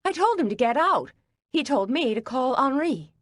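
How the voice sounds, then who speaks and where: A woman narrator gives voice to a frantic bakery worker in a storybook mystery. Her voice rides up high with alarm and indignation, in agitated, high-strung outbursts close to the mic. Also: sing-song, normal speed, no room sound. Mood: alarmed, indignant.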